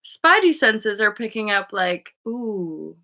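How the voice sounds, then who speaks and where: Bubbly thirtysomething woman chatting on a live stream, kinda high and bright, acts out little voices. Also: animated, a little slow. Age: 30s. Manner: bubbly, swears a lot, laughs often; acts out voices in her stories. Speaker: host. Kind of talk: casual live-stream chat.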